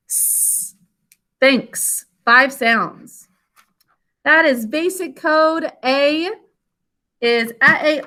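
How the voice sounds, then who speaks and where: A woman's voice: sits high, sharp tone. A woman teacher on a video call, giving a classroom lesson and carefully sounding out words and their parts. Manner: slow, carefully enunciated phonics instruction.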